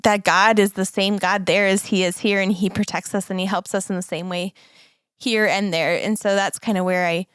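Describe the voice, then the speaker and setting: A woman's voice: medium pitch, fairly even intonation, moderate pace, clear, resonant tone, no room sound. A woman co-hosting a podcast, talking in an earnest, reflective way and laughing now and then. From United States. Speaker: podcast co-host. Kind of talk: casual chat.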